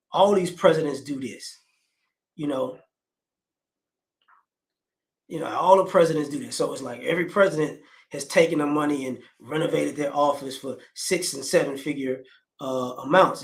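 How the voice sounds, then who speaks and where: A man in his forties talking casually, rambling with frequent restarts and fillers. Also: a little high. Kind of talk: casual conversational commentary.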